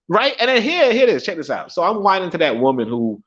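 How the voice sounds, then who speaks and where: A man's voice: sits high, sing-song, brisk, few pauses, a bit bright. A young man hosting a casual livestream who rambles, swears freely, repeats himself and laughs often. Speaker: livestream host. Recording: dull lo-fi stream audio.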